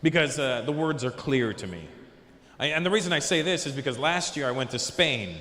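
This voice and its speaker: A man doing a stand-up comedy set, telling stories in a lively way and switching into quick voices for the people in them. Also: mid-range voice, echoey room, long reverb tail. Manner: animated storytelling with quick voice switches. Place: large comedy venue.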